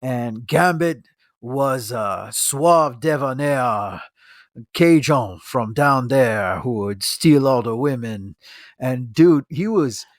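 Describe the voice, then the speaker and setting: Male physician co-host, mid-pitch, eager and halting, dry close-miked sound. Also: animated, dry recording. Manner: enthusiastic, halting with many restarts and laughs. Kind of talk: casual podcast chat.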